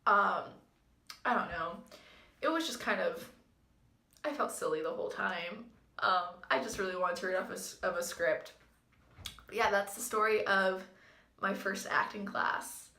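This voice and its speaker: A woman's voice: medium pitch, measured pace, long pauses, pushed and bright. A woman vlogger telling a story in a chatty, amused way, full of fillers. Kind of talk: casual storytime vlog. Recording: echoey room.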